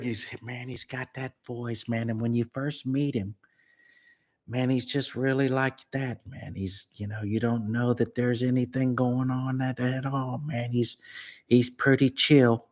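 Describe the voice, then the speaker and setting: A man, a singer-songwriter host telling rambling, laid-back stories in his living room and putting on friends' voices. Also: medium pitch. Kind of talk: casual storytelling chat.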